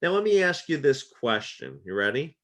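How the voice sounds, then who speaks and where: A man teaching a casual real estate exam lesson, chatty and full of fillers like "okay", his voice getting worn and hoarse. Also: medium pitch, sing-song, moderate pace, a bit bright. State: losing his voice.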